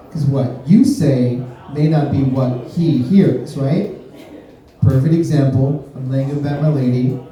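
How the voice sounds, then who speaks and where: A man from Miami doing a stand-up comedy set, deadpan, breaking into sudden high-pitched voices when he acts out quotes. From Miami, USA. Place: comedy club stage. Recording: roomy club sound from a distance. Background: audience laughter.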